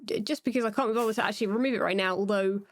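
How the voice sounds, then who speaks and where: A woman's voice: mid-range voice, racing, dry recording. A British woman giving casual, playful gameplay commentary as a Minecraft YouTuber. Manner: chatty and playful.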